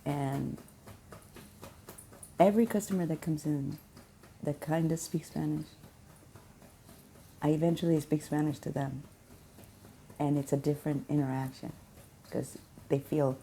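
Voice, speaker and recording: A woman speaks in a low, very dark voice with a husky, gravelly grain. She tells a casual testimony from her restaurant job, earnest and a little preachy. She circles back on her points to drive them home. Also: unhurried, long pauses, a little hiss or hum. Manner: earnest, preachy repetition with laughs. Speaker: restaurant worker sharing a faith story.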